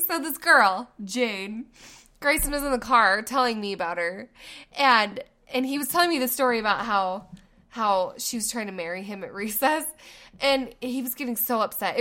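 A woman in her thirties co-hosting a casual chat, telling family stories in an animated way and laughing often. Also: fairly high pitch. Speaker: podcast co-host.

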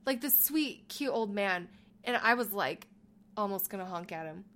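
A woman co-hosting a podcast, telling a story in a casual chat, animated and laughing, acting out the lines she quotes. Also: mid-range voice, normal speed. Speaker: podcast co-host.

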